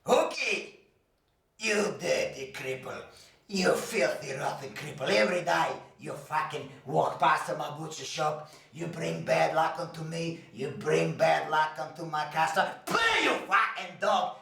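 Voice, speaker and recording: A man voicing a loud, bullying rich male butcher who bellows insults. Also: a little high, animated, a little slow, gravelly, echoey room, recorded from a distance, exaggerated voice. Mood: abusive.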